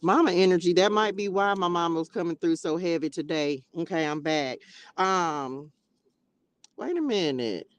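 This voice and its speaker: A woman with a lowish voice speaks at normal speed while hosting a casual livestream into a tablet mic. She's chatty and expressive with her viewers, calling them baby and child, and breaks into bursts of laughter.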